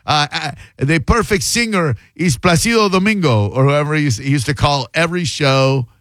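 A man's voice: on the high side, normal speed, fairly bright tone, dry recording. Rambling male sports radio host. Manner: loose and rambling, restarts words. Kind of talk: casual radio banter.

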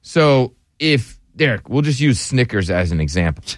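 A male talk show host with a lively, swooping voice jokes and spins playful examples. He is recorded dry and close, with no room sound. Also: medium pitch, moderate pace, dry recording. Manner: joking, animated storytelling. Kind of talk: casual talk show banter.

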